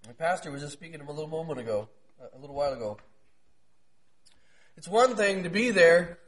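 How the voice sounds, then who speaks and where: A man giving an informal devotional talk with a scratchy voice, swinging from hushed, almost whispered asides to loud shouting, laughing often between lines. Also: fairly high pitch, lively intonation, brisk.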